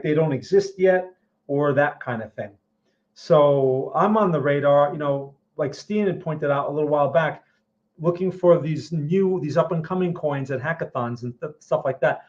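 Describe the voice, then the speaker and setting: A man's voice: fairly high pitch, a little mellow, muffled recording. A man hosting a trading channel, answering viewer questions in casual live-stream market commentary. He is blunt and skeptical, repeats words often, and keeps checking in with "okay?" and "right?".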